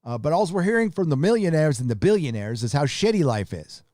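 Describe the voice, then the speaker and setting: A man's voice: fairly high pitch, very animated, a little fast, mellow, dry recording, studio quality. A man hosting a live stream, reading viewer donations aloud and ranting bluntly with plenty of swearing. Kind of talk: casual live stream commentary.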